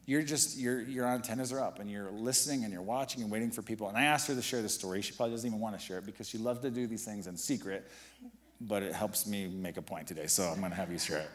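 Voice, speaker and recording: A man's voice: lowish voice, quick pace. A man preaching a sermon as pastor of a church, exhorting the congregation and building to emphatic passages. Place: church sanctuary.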